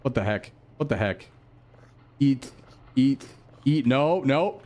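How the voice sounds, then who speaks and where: A male streamer with a voice sitting at an ordinary middle pitch. He chats casually while he plays, rambling to himself and to his chat. He is jumpy and quick to startle. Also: animated, mellow.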